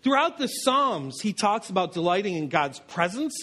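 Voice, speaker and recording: Pastor, male, high voice, storytelling sermon with jokes at his own expense. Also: sing-song, normal speed, sharp tone. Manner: anecdotal storyteller with self-deprecating humor.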